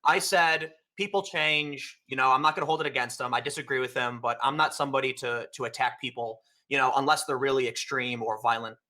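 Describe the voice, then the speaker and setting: A man with a bright, forceful voice rattles through a story at a quick clip, acting out each exchange as he goes. The talk is loose and conversational. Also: mid-range voice. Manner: fast, animated anecdote-telling with quoted exchanges. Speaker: podcast guest. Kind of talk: casual storytelling chat.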